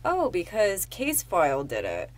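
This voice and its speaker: Low-voiced gal cohosting a podcast, teasing, brash, cusses for fun. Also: female voice, huge pitch swings, unhurried. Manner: teasing, brash, swears playfully. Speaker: podcast co-host. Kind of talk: casual chat.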